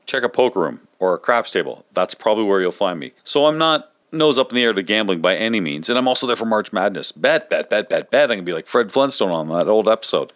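Lively, low-voiced chatty man. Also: fast, hardly any pauses, no echo, clean studio sound. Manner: animated, chatty, laughs easily. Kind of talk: casual podcast chat.

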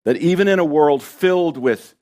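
A man's voice: on the high side, normal speed, a little mellow. A man preaching a sermon to a congregation in a church, impassioned and pressing rhetorical questions on his listeners. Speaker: pastor.

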